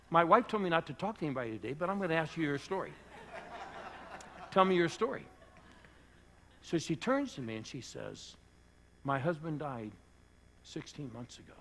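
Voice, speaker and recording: A man preaching a sermon as pastor, telling an earnest story that sinks to hushed tones at its emotional moments. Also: on the high side, a little hiss or hum, rough recording. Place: church.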